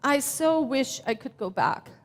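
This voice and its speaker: A woman in her fifties from Germany, speaking with a German accent as she gives a slow, reflective, heartfelt sermon as minister. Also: high voice, big pitch swings. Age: 50s. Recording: long hall reverb.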